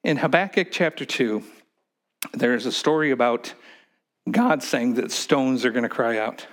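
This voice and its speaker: A man preaching a sermon, swinging between loud, emphatic stretches and hushed, whispered ones. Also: mid-range voice, measured pace. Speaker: pastor.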